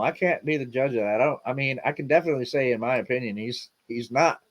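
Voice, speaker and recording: Brisk and mid-range in voice, this middle-aged livestream host keeps things casual, rambling, repeating himself, leaning on fillers and dropping a relaxed "man" now and then.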